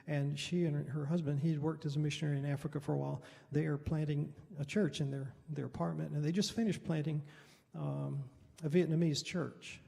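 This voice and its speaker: A man's voice: fairly high pitch, little pitch movement, fairly quick, vocal fry, dark tone. A middle-aged man, a Baptist pastor, telling a mission story at a Bible study in a loose, rambling, conversational way. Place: church hall. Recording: reverberant hall.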